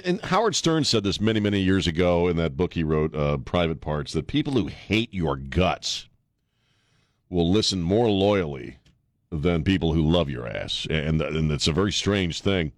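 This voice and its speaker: A man's voice: low voice, big pitch swings, normal speed, no echo, clean studio sound. A man in his fifties hosting a talk radio show, blunt and casual, laughing often and repeating words as he goes. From Washington DC area. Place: radio studio. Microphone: studio mic.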